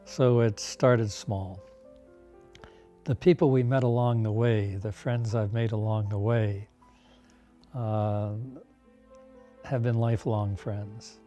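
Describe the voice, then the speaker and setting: An older man telling stories in a documentary interview, unhurried, with fillers and soft laughs. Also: lowish voice, steady tone, soft background music.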